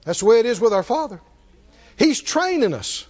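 A man delivers a sermon in a high, bright-pitched voice. He presses the congregation with rhetorical questions and emphatic turns. The recording is dull and lo-fi. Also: very animated, normal speed. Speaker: preacher.

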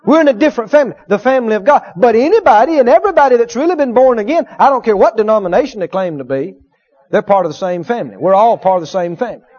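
A man preaching a sermon, animated, acting out little dialogues and swinging from loud to hushed. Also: high voice, very fast. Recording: dull lo-fi sermon recording.

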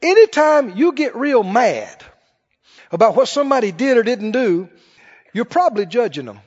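A man preaching a sermon in an animated, conversational way to a church congregation. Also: extremely high pitch, moderate pace. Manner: animated, conversational, acts out quoted voices. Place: church hall. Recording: dull recording with long hall reverb.

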